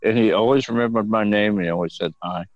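A man's voice: fairly low pitch, quick pace, dry recording. An older man, a guest on an interview show, telling long rambling stories with plenty of cursing and chuckles. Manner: rambling, profane, chuckling storyteller. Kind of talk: casual storytelling interview. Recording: dull lo-fi dry sound.

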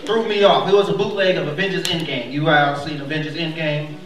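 Animated high-voiced man doing stand-up. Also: fairly quick. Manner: animated, acts out characters with big pitch jumps. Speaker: stand-up comedian. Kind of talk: stand-up comedy set. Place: comedy club stage before a laughing crowd. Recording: echoey club audio, mic far off, crowd laughing. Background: audience laughter.

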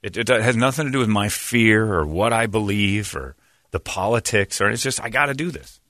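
Lowish, bright-voiced male podcast host. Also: lively intonation, normal speed, no room sound, studio quality. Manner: rambling, laughs often. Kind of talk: casual comedic storytelling.

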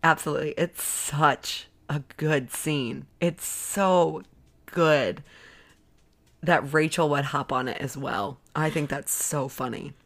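Young woman, hoarse, low voice, podcast co-host, laughs a lot. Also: slow. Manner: laughs often, animated reactions. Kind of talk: casual chat recapping a sitcom episode.

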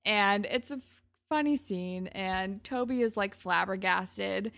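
A woman's voice: mid-range voice, unhurried, gravelly, fairly bright tone. A woman co-hosting a casual podcast, chatting and giggling as she recaps a TV episode. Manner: chatty, giggly, many "like" fillers. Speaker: podcast co-host.

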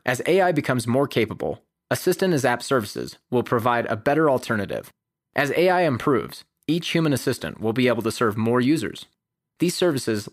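A man reading a prepared essay as the host of a podcast, in a measured, even delivery. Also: medium pitch, dry recording, clean studio sound. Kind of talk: scripted essay narration.

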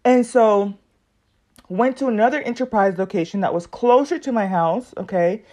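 A woman hosting her own podcast, telling a long story in a casual, animated way and acting out what other people said. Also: mid-range voice, moderate pace. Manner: animated, acts out other people's lines in quoted voices. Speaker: podcast host.

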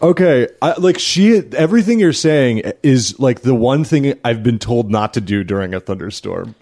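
A man co-hosting a casual podcast, reacting with animated disbelief. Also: medium pitch, moderate pace. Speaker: podcast co-host. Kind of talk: casual chat.

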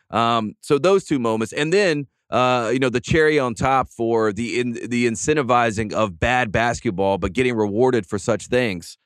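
A man's voice: medium pitch, normal speed, hardly any pauses, smooth, dry recording. A male podcast host talks in a fired-up, emphatic rant. His voice sits in a middle range and comes across dry, with no room sound. The tone is casual sports chat.

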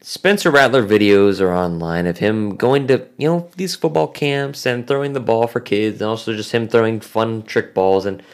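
A man's voice: fairly low pitch, normal speed, hardly any pauses, clear, resonant tone. A man co-hosting a casual sports podcast, talking with many fillers. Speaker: podcast co-host.

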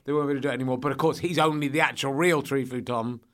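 A man chatting as a podcast guest, rambling with frequent restarts and lively bursts. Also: mid-range voice, racing. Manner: rambling, self-interrupting, animated. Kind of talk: casual chat.

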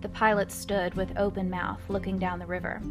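A woman's voice: mid-range voice, level tone, fairly quick, music in the background. A woman hosting a podcast, telling a history story casually with chatty, wry asides. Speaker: podcast host.

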